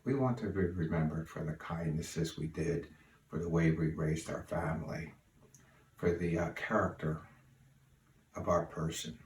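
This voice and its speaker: Brief: older man, deep low voice, folksy rambling remembrance, distant mic in an echoey room. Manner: unhurried, folksy, many fillers. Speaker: relative sharing memories. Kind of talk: spoken remembrance. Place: room at home. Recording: roomy, distant mic, faint hiss.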